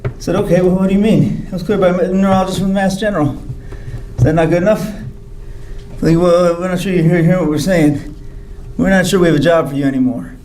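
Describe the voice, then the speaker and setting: A man's voice: sits high, fairly even intonation, fairly quick, warm tone, roomy sound, slight background noise, low-quality recording. A man giving a hospital grand rounds talk, telling his own story candidly and wryly, acting out the people he quotes. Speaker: physician speaker. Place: hospital lecture hall.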